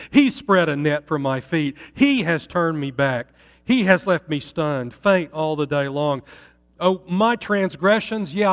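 A man's voice: medium pitch, a little mellow, lightly acted. A man reading as a grieving, accusing woman. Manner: impassioned lament read aloud. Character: grieving woman personifying a ruined city, anguished and accusing. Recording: long reverb in a hall.

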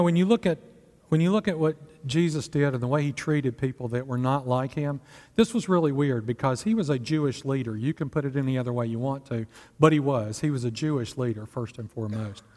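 This pastor's voice is medium-pitched and slightly mellow. He delivers his sermon like a conversation, posing rhetorical questions to the congregation, and the recording carries a long hall reverb.

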